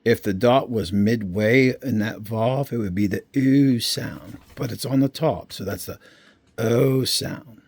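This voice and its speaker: A man giving an informal Bible lesson, explaining slowly and checking in often with his listeners. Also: fairly low pitch, darkish tone, dry recording. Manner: slow, unhurried explaining with frequent check-ins. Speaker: Bible teacher. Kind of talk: informal screen-share teaching.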